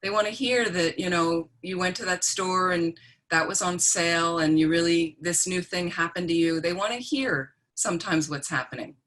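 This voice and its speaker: A woman with a low, deep-set voice gives a teaching talk. She speaks plainly and conversationally, pausing to check in with her listeners. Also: fairly bright tone. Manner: plain-spoken, checks in with "okay?". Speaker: Buddhist nun and teacher. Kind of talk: teaching talk on death and dying.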